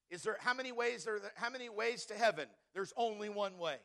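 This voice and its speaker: A man's voice: high-pitched, expressive, normal speed, gravelly, bright, forceful tone. A male pastor preaching a sermon, emphatic and repeating key words for stress, calling on the congregation to answer back.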